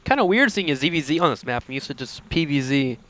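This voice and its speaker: A man's voice: on the high side, very animated, fast, fairly bright tone. A young man casting an esports match, chatty and joking with his co-caster. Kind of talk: esports play-by-play commentary.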